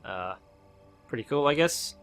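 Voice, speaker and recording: Bright-voiced Australian man, offhand commentary. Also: a little high, animated, measured pace, faint music behind. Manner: rambling, self-correcting, offhand. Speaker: gaming video host. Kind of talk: casual game-update commentary.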